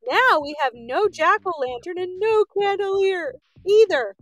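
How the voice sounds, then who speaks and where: A woman voicing a determined young farm boy who is quick to anger, shouting excitedly in a storybook reading. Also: high-pitched, no echo, far from the mic, full character voice. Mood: angry. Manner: loud, excited exclamations.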